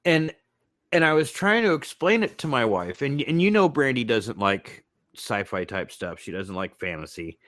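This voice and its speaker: Man co-host, easygoing podcast talk, quick to laugh, acts out quotes. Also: mid-range voice, dry recording. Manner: laughing, animated retelling. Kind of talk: casual chat.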